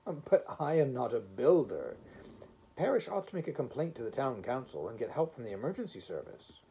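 A man's voice: mid-range voice, big pitch swings, moderate pace, mellow, slightly rough, full character voice. A man voicing a fretful flustered old painter. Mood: protesting. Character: frail fretful male painter, flustered and pleading.

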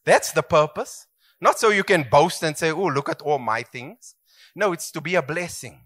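A man's voice: a little high, moderate pace, fairly bright tone. A middle-aged man preaching a sermon as pastor, emphatic and swooping, calling for amens.

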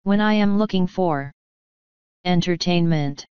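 A woman voicing a languid, menacing male elf king who speaks slowly and with lazy threat, in a dull lo-fi audiobook recording. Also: fairly low pitch, smooth, no room sound, lightly acted. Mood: lazy menace.

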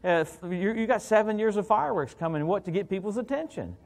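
Man preaching, high voice, middle-aged, animated, joking, calls out hallelujah. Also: quick pace, vocal fry. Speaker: guest preacher. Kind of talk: evangelical sermon.

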